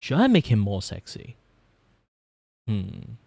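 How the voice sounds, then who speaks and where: A man's voice: fairly low pitch, huge pitch swings, slow pace, gravelly, warm tone, no echo. A young man with a Malaysian English accent chatting casually on a livestream while he draws, rambling, swearing freely and laughing often. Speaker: vtuber streamer.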